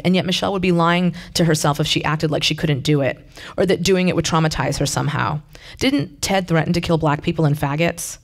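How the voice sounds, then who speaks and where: A reader narrating a short story aloud in a plain, conversational manner. The voice sits at a middling pitch and moves along steadily, now and then stepping out of the text for a casual aside. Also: fairly quick. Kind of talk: reading fiction aloud.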